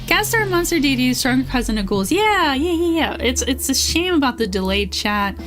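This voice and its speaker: A woman's voice: sits high, sing-song, moderate pace, a bit bright. A young woman streaming, chatting casually, swearing freely and reading chat aloud. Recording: faint music behind.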